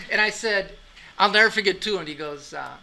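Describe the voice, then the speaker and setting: A male anatomy instructor spins a rambling story for his class, chatty and quick to laugh at his own punchlines. His voice is very bright and sharp, with a faint bed of noise underneath. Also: high voice, gravelly, poor audio. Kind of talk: lecture anecdote.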